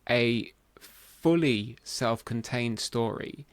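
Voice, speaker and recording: A man hosting a podcast, chatting casually and giving measured, emphatic opinions. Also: medium pitch, dry recording. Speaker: podcast host. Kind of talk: casual conversation.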